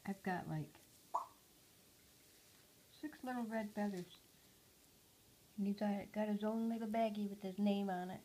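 A woman chatting at an unhurried, drawn-out pace in a casual home video. She coos gently to her pet parrot, often sinking to a near-whisper. A faint hiss of noise sits under her voice. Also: mid-range voice, rough recording. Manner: soft, cooing talk to a pet, often hushed.

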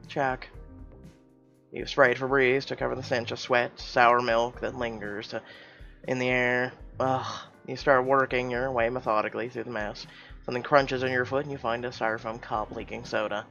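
A man reading a mobile story game aloud, breaking into loud, animated reactions between the passages. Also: medium pitch, moderate pace, muffled recording, soft background music.

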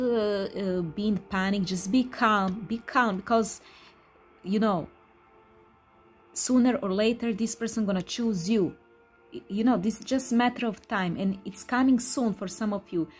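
A woman doing a tarot reading in English that is not her first language, with soft music playing faintly underneath. She talks in a mid-range voice, repeating herself for emphasis and breaking into excited exclamations. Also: medium pitch. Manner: non-native English speaker. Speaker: tarot reader.

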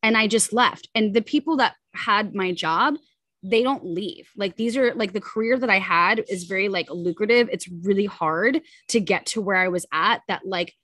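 A woman in her thirties, a podcast guest, candidly telling a personal story in quick, casual talk full of "like" and "you know". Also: medium pitch, a bit bright, no room sound, studio quality.

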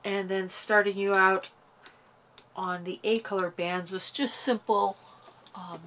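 Soft-spoken woman walking through a craft. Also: medium pitch, fairly even intonation, slow pace, a little hiss or hum. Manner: soft-spoken, chatty, gentle step-by-step guidance. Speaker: craft tutorial host. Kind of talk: casual craft tutorial. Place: home.

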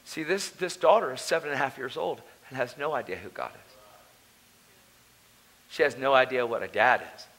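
Man, preacher, conference testimony, casual slang, animated storytelling, bright tone. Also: mid-range voice, normal speed, pauses often. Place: conference hall.

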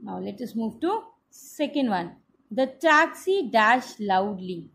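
A woman teacher with an Indian English accent, giving a slow, patient class lesson that spells out each step. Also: fairly high pitch, expressive, gravelly, fairly bright tone.

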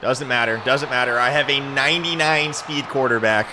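A man giving live commentary over a football video game, excitable and trash-talking, shouting at his players. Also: medium pitch, normal speed, background noise. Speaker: gaming YouTuber.

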